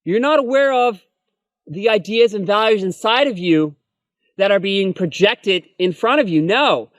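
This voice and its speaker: Earnest high-voiced male self-help lecturer. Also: measured pace, a bit bright, no echo. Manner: earnest, repetitive, addresses viewers as folks, frequent "okay?" and "right?". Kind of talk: spoken personal-development lesson.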